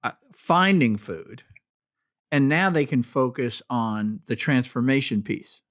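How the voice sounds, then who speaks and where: A man hosting a casual interview, curious and quick with follow-up questions. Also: mid-range voice, lively intonation, a bit bright. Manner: curious, asks follow-ups, laughs easily. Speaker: interview host.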